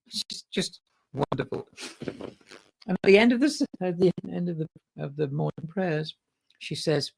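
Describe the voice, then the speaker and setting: Man guest storyteller, gravelly, husky, animated, acts out the people in his story. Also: a little high, normal speed, rough recording. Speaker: podcast guest. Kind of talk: storytelling in casual conversation.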